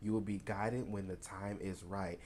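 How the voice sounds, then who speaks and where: A man's voice: sits low, fairly even intonation, moderate pace, darkish tone, a little hiss or hum. A man from Tennessee, giving a casual, rambling tarot card reading. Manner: rambling and conversational, many fillers. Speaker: tarot reader.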